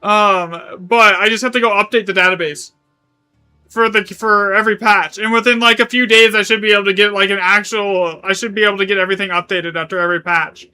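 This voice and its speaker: A man's voice: high-pitched, steady tone, fairly quick, pushed and bright, clear, resonant tone, faint music behind. A man streaming a game live, chatting casually in a rambling way, correcting himself as he goes and swearing now and then. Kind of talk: live gaming stream chat.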